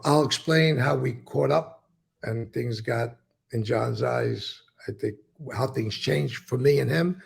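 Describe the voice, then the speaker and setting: A man with a deeply gravelly, rough and husky voice recounts old stories in a casual interview. He repeats words as he talks and acts out the lines of the people in them, with frequent swearing. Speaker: former mobster telling stories.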